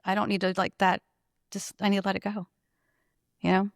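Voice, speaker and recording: Expressive salon owner with gravelly voice. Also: female voice, mid-range voice, fairly quick, no echo, clean studio sound. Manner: emotional, animated, laughs often. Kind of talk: conversational storytelling.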